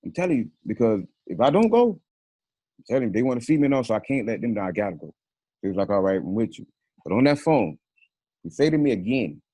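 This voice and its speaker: A man's voice: medium pitch, very animated, fairly quick, pauses often, mellow, slightly rough, no room sound, soft background music. A man being interviewed, telling a story in a casual, profane way and acting out the phone calls he quotes. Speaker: interview guest.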